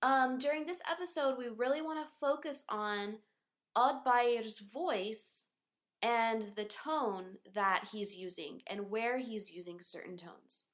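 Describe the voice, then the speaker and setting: A woman hosting a podcast for English learners, interviewing a guest and explaining a lesson in a clear teaching tone. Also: fairly high pitch, takes it slowly, fairly bright tone.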